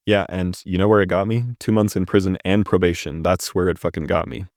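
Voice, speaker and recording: Casting: a man voicing a stern, blunt ex-convict, low voice, read straight. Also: steady tone, a little fast, darkish tone, dry recording, clean studio sound.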